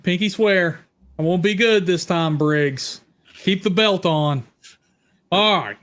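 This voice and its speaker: Loud teasing high-voiced man host. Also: takes it slowly. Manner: loud, teasing, shouting bursts. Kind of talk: live-stream chat.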